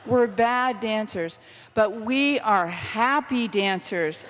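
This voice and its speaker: A middle-aged woman author giving an animated, self-deprecating storytelling talk to a university audience. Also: a little high, slow, in a large hall, noisy background. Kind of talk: lively storytelling lecture. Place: university lecture hall.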